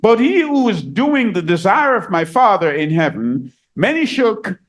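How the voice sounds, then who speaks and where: A man preaching a sermon, reading scripture aloud and explaining it, repeating key phrases and rising higher and louder for emphasis. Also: very animated, normal speed.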